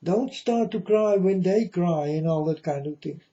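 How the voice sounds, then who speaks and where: A man's voice: sits high, measured pace, dark tone, lo-fi sound. Earnest man warning his folks. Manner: repetitive, earnest, addresses listeners as folks. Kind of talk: rambling spoken warning to viewers.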